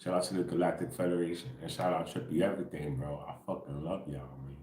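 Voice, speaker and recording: A man hosting an early-morning spiritual livestream, talking casually and quietly in a rambling way, dropping "bro" and "right?" constantly and chuckling often. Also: rumbling low, level tone, fairly quick, roomy sound. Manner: laid-back, rambling, peppered with "bro" and "right?".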